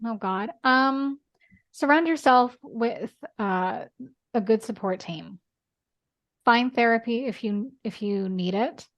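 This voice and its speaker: A woman guest on a podcast, talking earnestly in casual chat, with quick bursts and lots of "like". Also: fairly high pitch, dull audio.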